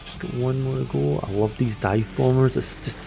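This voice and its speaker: Chatty man with a gravelly voice. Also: medium pitch, fairly even intonation, moderate pace, music in the background. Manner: chatty, jokey, enthusiastic asides. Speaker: gaming video host. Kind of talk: casual commentary over gameplay.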